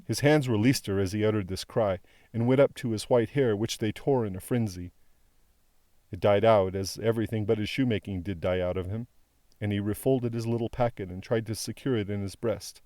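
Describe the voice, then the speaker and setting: A man narrating a classic novel as an audiobook reader, in a measured, solemn way. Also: fairly low pitch, mellow, dry recording, clean studio sound.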